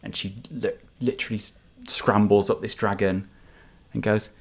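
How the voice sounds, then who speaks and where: A man's voice: on the low side, level tone, normal speed, creaky, breathy edge. A man narrating as game master of a tabletop game, with hesitant, filler-heavy description.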